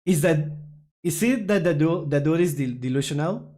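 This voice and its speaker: Here the streamer's mid-range voice is animated and slightly dark, delivered at a moderate pace. They laugh often while casually reacting to memes, keep up a chatty back-and-forth with chat, and poke fun at themselves.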